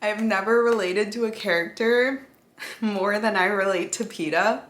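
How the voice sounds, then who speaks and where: A woman's voice: mid-range voice, moderate pace, a bit bright. A young woman vlogging in a casual chat, giggling often, swearing casually and gushing. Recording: roomy echoey sound.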